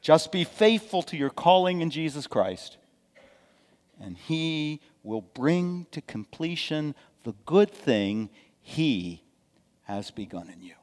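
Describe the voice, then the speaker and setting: A middle-aged man, a pastor, preaching a sermon with dramatic swings from hushed to loud and folksy asides. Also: fairly high pitch, sing-song, takes it slowly. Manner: folksy asides and repeated okays. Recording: long hall reverb from a church sanctuary.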